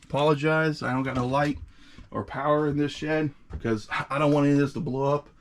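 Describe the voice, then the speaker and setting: A man's voice: fairly high pitch, fairly even intonation, fairly quick, slight background noise. Chatty young man, winded in the heat. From Midwest US. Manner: chatty, enthusiastic, many fillers. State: out of breath from the heat. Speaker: fireworks channel host. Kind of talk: casual vlog showing products. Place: outdoors by a storage shed.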